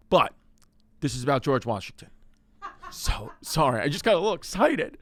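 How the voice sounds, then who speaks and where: A man's voice: fairly high pitch, big pitch swings, moderate pace, long pauses, fairly bright tone, dry recording. A man hosting a comedic history show, telling it in a rambling, joking way and talking straight to the listener. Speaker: comedic history podcast host. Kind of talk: casual comedic storytelling.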